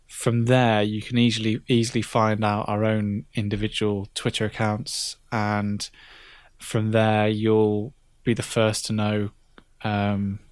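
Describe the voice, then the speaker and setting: Guy on a podcast, lowish voice, lots of ums, dry sound. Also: completely flat delivery, slow, clean tone, no room sound. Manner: hesitant, lots of ums and restarts. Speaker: podcast guest. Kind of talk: casual podcast chat.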